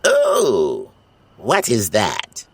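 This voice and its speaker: Brief: man voicing a scheming older wizard villain, husky, slow, drawn-out and whiny, lifted higher than a plain voice, storybook audio. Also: wildly swooping pitch, dry recording, full character voice. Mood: theatrical. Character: scheming male evil wizard, older, theatrical. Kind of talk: storybook voice acting.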